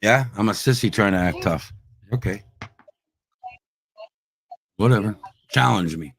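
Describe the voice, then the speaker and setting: At a measured pace, a man with a gravelly, lowish voice hosts a livestream and lashes out at his critics. He's profane and combative, saying the same things over and over.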